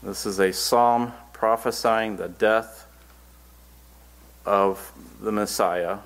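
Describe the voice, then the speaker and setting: A man's voice: lowish voice, steady tone, slow, fairly bright tone. A man preaching a Bible-teaching sermon, reading scripture verses aloud and then explaining them in earnest, plain words.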